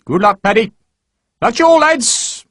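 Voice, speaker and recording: A man reading an audiobook voices a bluff, hearty army sergeant who talks rough barrack-room slang with fondness for his recruits. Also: very high-pitched, expressive, slow pace, a bit bright, dry recording, studio quality, voice pushed up, exaggerated voice. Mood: gruff, fond. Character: bluff older male recruiting sergeant, gruff but fond.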